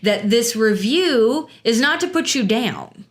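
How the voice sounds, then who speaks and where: A woman's voice: a little high, expressive, takes it slowly. A woman, a mother of two, co-hosting a podcast and giving parenting advice emphatically, speaking straight to listeners. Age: adult, mother of two. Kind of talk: casual chat.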